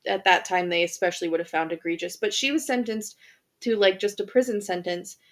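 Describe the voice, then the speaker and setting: A woman's voice: mid-range voice, a little fast. Chatty young woman podcast host. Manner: chatty, many fillers and restarts, laughs easily. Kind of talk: casual chat, retelling history.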